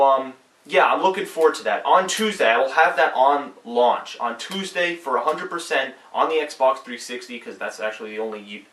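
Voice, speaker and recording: A man's voice: medium pitch, fairly bright tone. Rambling young man, roomy and distant. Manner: rambling, chatty, frequent fillers and restarts; swears freely when venting. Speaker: gaming channel host. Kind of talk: casual video update. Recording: roomy, set back from the mic.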